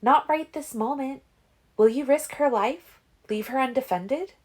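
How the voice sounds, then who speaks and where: A woman's voice: high voice, a little slow, pitched above the performer's own voice. A woman reading a fan-made audiobook, voicing an insistent teen girl vampire seer in a raised, lilting voice. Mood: urgent.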